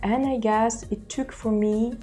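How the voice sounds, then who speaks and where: A woman's voice: fairly high pitch, steady tone, measured pace, dark tone, faint music behind. A young woman whose first language is Russian, speaking with a Russian accent and chatting casually to camera about learning a language, with many fillers and restarts.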